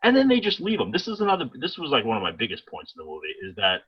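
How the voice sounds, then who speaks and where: A man's voice: medium pitch, wildly swooping pitch, rapid-fire, husky, dull audio. A man co-hosting a casual film review podcast who talks animatedly and acts out scenes in quoted voices. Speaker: podcast co-host.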